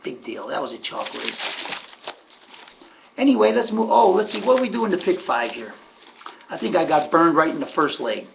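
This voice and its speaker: A man's voice: a little high, very animated, moderate pace, gravelly, pauses often, muffled recording, a little hiss or hum. A man giving a casual, folksy recap of his race picks, sardonic and talking to himself about his bets. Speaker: harness racing handicapper.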